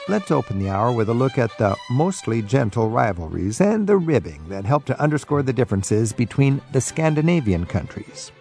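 A man's voice: mid-range voice, very animated, moderate pace, vocal fry, hardly any pauses, darkish tone, faint music behind. A man hosting a talk show panel, asking questions in a conversational, lightly teasing way. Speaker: radio talk show host.

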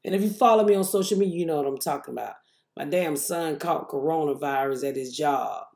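A middle-aged woman hosts her own show and tells a story in a casual monologue. She is profane and animated, and her voice jumps up into loud outbursts whenever she quotes what she said. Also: deep voice, a little fast, roomy sound. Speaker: podcast host.

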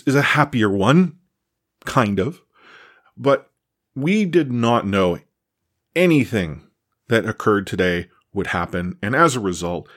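Indignant man on a podcast. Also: medium pitch. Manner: impassioned and indignant, with stammered restarts. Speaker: podcast host. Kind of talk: opinion commentary.

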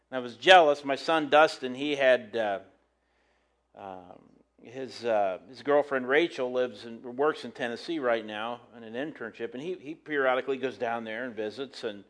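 A middle-aged man speaking from the pulpit in a loose, folksy sermon. His talk rambles and halts, full of fillers and restarts, and his pitch sits in an ordinary middle range. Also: a bit bright. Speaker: pastor. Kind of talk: casual sermon storytelling.

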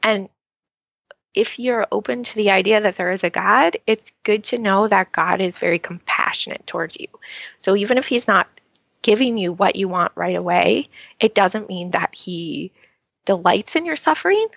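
A woman's voice: mid-range voice, normal speed, vocal fry, fairly bright tone, slightly rough, dry recording, muffled recording. A woman, an author, talking earnestly and from the heart as a guest on a podcast, with plenty of fillers. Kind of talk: podcast interview conversation.

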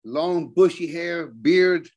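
An older man, a guest on a podcast, telling wrestling road stories in casual, animated talk, acting out the quotes. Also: fairly high pitch, takes it slowly, muffled recording, crowd noise. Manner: animated storyteller, acts out quotes. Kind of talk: casual storytelling.

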